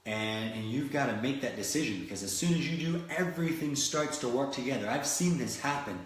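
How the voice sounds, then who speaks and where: A man's voice: mid-range voice, animated, brisk. A man from Florida giving a motivational talk, telling stories animatedly with many restarts. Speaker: motivational speaker. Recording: very echoey room.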